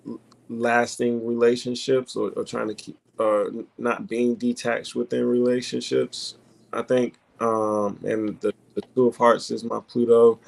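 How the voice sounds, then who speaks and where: A man talking casually in a group discussion, halting with many fillers and restarts. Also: medium pitch, vocal fry. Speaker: panelist discussing card readings.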